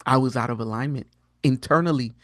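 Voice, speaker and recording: A man's voice: quick pace, dry recording, studio quality. Earnest man telling a personal story. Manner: animated, rises sharply in pitch when quoting himself; frequent fillers and restarts, earnest and candid. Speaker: podcast guest, prophetic teacher. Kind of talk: casual conversational storytelling.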